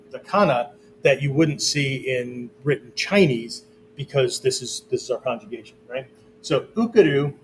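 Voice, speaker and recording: A male martial arts instructor with a medium-pitched voice explains at a whiteboard, slight background noise audible. His teaching is casual and filler-laden, and he keeps checking in with listeners using "okay?" and "right?"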